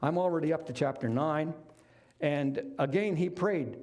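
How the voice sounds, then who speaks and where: A man's voice: a little high, a little slow, a little mellow. A middle-aged man preaching a sermon, retelling a Bible story in a conversational, folksy way with casual asides. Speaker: lay preacher.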